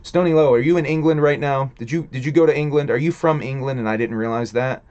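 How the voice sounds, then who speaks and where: A man's voice: medium pitch, fast talker, darkish tone, lo-fi sound. A man hosting a casual livestream, rambling profanely and chatting with viewers in the chat. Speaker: livestream host reading chat.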